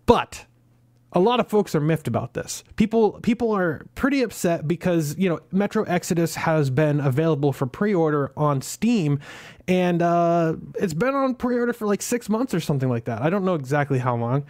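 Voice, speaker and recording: Chatty higher-voiced man on gaming news. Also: animated, normal speed, darkish tone. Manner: chatty, upbeat, laughs at himself. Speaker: gaming channel host. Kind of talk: casual video commentary.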